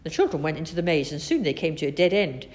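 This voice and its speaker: A woman reading a children's storybook aloud, expressive and animated. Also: low voice, fast talker. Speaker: narrator.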